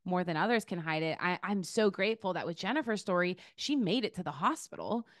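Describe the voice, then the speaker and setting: A woman's voice: lowish voice, expressive, a little fast, fairly bright tone, no room sound, studio quality. Chatty young-sounding podcast host woman. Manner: chatty, enthusiastic, lots of "like". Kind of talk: casual podcast chat.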